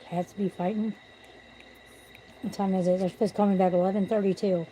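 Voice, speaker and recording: A woman's voice: medium pitch, level tone, brisk, mellow, slight background noise, rough recording. Blunt, profane woman ranting at home. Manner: blunt, profane, venting about corruption. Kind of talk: casual livestream rant. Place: at home with pets.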